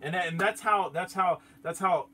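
A man hosting a live stream, telling a story in an excitable, animated way and chatting with his viewers. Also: high voice, normal speed, slight background noise. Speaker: channel host.

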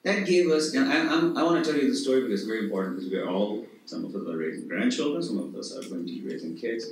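A middle-aged man from Pakistan with a Pakistani accent, telling lively stories on stage at a conference and often laughing. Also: mid-range voice, very fast, heavy reverb, recorded from a distance, rough recording. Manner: animated, laughing, acts out quoted voices. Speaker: conference speaker. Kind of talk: storytelling talk on stage. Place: conference hall.

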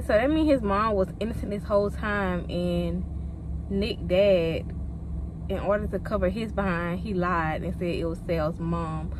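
A woman vlogging about a book she is reading, talking straight to her viewers in an animated, exclaiming way, recorded on her phone. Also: medium pitch, moderate pace, background noise. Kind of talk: casual reading vlog chat.

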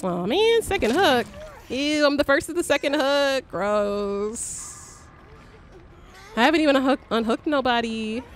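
A young woman streamer giving live gameplay commentary, excitable, swearing and shrieking when startled. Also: high voice, a little slow, slight background noise.

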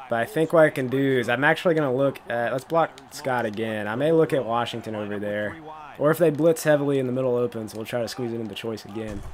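A man giving casual commentary while playing a football video game, thinking aloud about his plays and breaking into excited laughter; his voice cracks now and then. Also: medium pitch. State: voice cracking, coughing.

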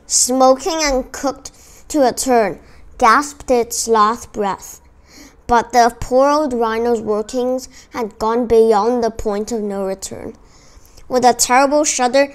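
A woman reading a children's adventure book aloud, expressive, with small restarts now and then. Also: fairly high pitch. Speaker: audiobook reader. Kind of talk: children's audiobook read-aloud.

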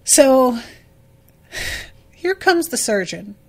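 A woman's voice: on the high side, unhurried. A woman hosting a book podcast, losing her voice, talking bluntly and profanely about what she reads. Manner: blunt, profane, exasperated commentary. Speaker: podcast host. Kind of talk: casual book-discussion podcast.

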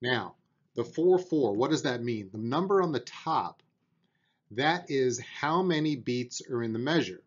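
A man's voice: medium pitch, lively intonation, a little slow, muffled recording. A man teaching a beginner drum lesson, patiently explaining and counting out beats aloud, with an encouraging manner.

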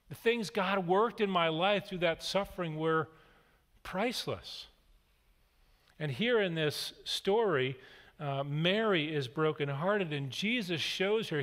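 A man's voice: a little high, a bit bright. A middle-aged man preaching a sermon as a guest speaker, reading scripture and then explaining it in an earnest, storytelling way. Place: church sanctuary. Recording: long reverb of a church hall.

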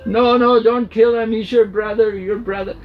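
Sermon story figure: a man putting on a panicked, protective goddess wife, high and urgent. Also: little pitch movement, moderate pace, recorded from a distance, lo-fi sound, slight background noise, lightly acted. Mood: pleading.

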